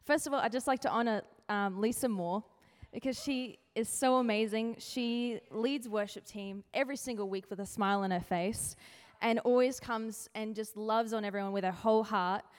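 A woman's voice: mid-range voice, clean tone. A woman giving a casual, playful youth sermon, chatty and acting out quotes in comic little voices. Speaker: youth speaker sharing a devotion. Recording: hall with long reverb.

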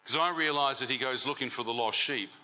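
A man tells his testimony to a church crowd. His voice is strikingly bright and cutting, and he tells the story in a lively way, teasing the audience as he goes. A faint hum sits under the live recording. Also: medium pitch, brisk, low-quality recording. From New Zealand. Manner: animated storytelling with crowd banter. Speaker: speaker giving a testimony.

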